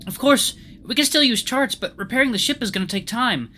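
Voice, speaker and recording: A man's voice: very high-pitched, a little fast, sharp tone, faint music behind, voice pushed up. A man voicing an anxious young woman on a ship's crew, nervously explaining. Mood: worried.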